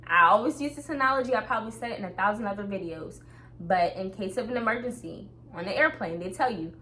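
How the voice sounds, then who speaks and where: An upbeat young woman talks straight to her viewers in a casual, motivational vlog, laughing easily between thoughts. Her voice sits at an ordinary middle pitch for a woman. A faint hiss runs quietly underneath. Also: quick pace. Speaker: vlogger. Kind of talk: casual talk to camera.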